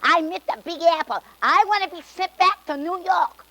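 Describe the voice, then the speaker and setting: A homesick man from New York wails about missing his city, put on by a woman telling a joke on stage. The voice jumps far above her own, thin and whining. It is a quick comic sketch of a character in a live one-woman show. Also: very high voice, sharp tone, voice pushed up, exaggerated voice.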